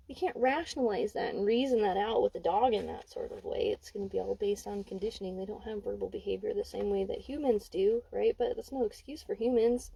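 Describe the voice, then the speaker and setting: A woman's voice: mid-range voice, a little fast, creaky, hardly any pauses, dark tone, slightly rough, dry recording, low-quality recording. A young adult woman giving a casual spoken card reading, candid and emphatic, swearing freely. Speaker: intuitive card reader. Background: dog barking.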